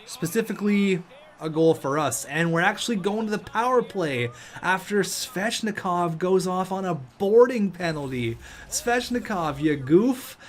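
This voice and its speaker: A young man commentating his own video game match, joking and shouting when play gets tense. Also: high voice, normal speed. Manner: excitable, jokey, shouts at big plays. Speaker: gaming YouTuber.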